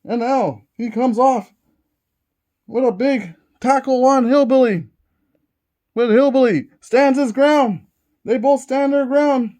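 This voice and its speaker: High-voiced man calling tabletop wrestling. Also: takes it slowly, pauses often, mellow. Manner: eager, repeats each move as he calls it. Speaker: host commentating a tabletop wrestling game. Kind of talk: play-by-play wrestling commentary.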